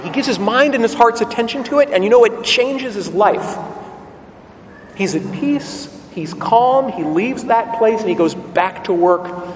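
A man preaching a sermon, telling the story vividly and putting rhetorical questions to the congregation. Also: high voice. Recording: long church reverb, faint ambient noise.

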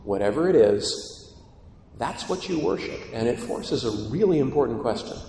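A man preaching a sermon in an animated, storytelling way, with acted quotes. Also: medium pitch, moderate pace, gravelly, a little hiss or hum. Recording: echoey hall, long reverb.

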